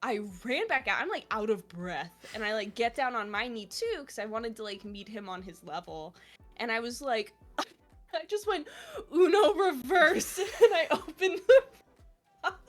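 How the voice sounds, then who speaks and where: A young woman co-hosting a casual chat, telling stories in an animated way and acting out the people in them. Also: on the high side, normal speed, faint music behind. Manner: animated storytelling, quotes people in lively voices. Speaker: podcast co-host.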